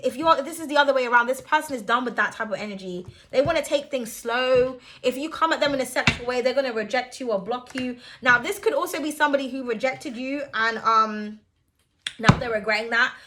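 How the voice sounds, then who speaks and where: A young woman runs through a tarot reading in a high, sharp, bright voice. She is chatty and blunt, swearing freely and laughing easily between her points. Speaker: tarot reader.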